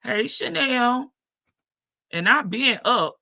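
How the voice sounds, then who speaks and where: A woman hosts a casual live stream from her front porch, greeting her chat viewers by name. Her morning voice is heavy and gravelly, and she talks at an unhurried pace with a bright edge. The sound is dry and a little muffled. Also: on the high side, lively intonation, no room sound.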